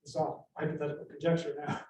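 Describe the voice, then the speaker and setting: A middle-aged man, an inventor giving a lively storytelling talk that acts out the quoted voices, heard from a distance in an echoey room. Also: on the high side, fast, a little hiss or hum.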